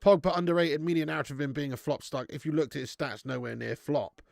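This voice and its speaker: Bloke ranting on a footie watch-along stream, swears a lot, close dry mic. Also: male voice, a little high, quick pace, creaky, dry recording. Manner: blunt, sweary, animated ranting; reads out viewer chat messages. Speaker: football watch-along host. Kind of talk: live match watch-along commentary.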